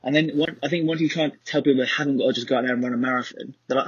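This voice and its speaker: A man's voice: mid-range voice, steady tone, rapid-fire, husky, no room sound. A young man in casual chat, rambling with many fillers and restarts, who coaches running. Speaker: podcast co-host and running coach. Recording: slightly dull lo-fi recording.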